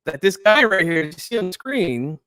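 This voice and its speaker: A man's voice: high voice, sing-song, moderate pace, bright, forceful tone, no echo. A man hosting a boxing talk channel, talking casually and emphatically with frequent laughs and "like". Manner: laughing, emphatic, says "like" a lot. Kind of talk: casual video commentary.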